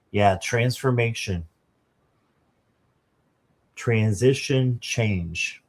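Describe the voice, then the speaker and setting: A man's voice: lowish voice, extremely slow, pauses often. A man doing a casual live tarot reading, chatting to viewers and reading the card text aloud. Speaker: tarot reader.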